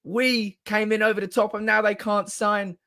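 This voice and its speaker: A young man hosts a live fan stream, his voice sitting a little high. He is giddy and loud, swearing freely and laughing as he reads viewers' comments aloud into his desk mic. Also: little pitch movement, normal speed. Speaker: fan channel livestream host. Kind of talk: excited live-stream reaction.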